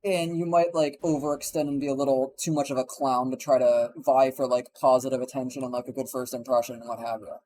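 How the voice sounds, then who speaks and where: A man's voice: medium pitch, flat delivery, fast, hardly any pauses, a little mellow, rough recording. A young man streaming live, telling a rambling, profane story while he plays a game. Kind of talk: casual chat while gaming on a live stream.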